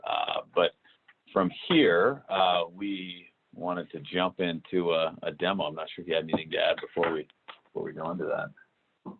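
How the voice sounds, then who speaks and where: A man walking through a software demo in a webinar, talking with many fillers and restarts. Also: deep voice, steady tone, normal speed, slight background noise. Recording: tinny phone-like call audio.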